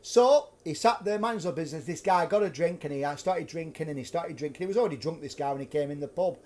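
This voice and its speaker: Guy spinning a ghost tale from his flat, chatty and animated, pretty high voice. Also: quick pace. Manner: chatty, animated storyteller, laughs often. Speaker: host and ghost storyteller. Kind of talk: live-streamed storytelling. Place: flat at home.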